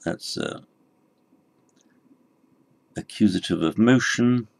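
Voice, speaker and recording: A man's voice: fairly low pitch, takes it slowly, gravelly. A man teaching a Sanskrit lesson, explaining patiently and correcting himself as he goes. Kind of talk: recorded language lesson.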